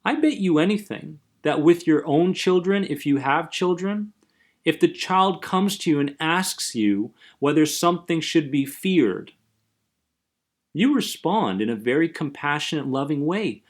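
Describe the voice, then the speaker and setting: A man's voice: fairly high pitch, animated, a little slow. A man hosting a self-help podcast, talking earnestly and emphatically about anxiety and often checking in with "right?". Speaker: anxiety coach and podcast host. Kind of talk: motivational self-help talk.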